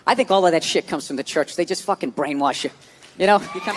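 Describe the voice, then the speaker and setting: A man doing a stand-up comedy set, profane and animated, slipping into mocking voices. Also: high voice, fairly quick, background noise. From United States. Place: large hall before a live audience. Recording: live stage recording in a reverberant hall with crowd.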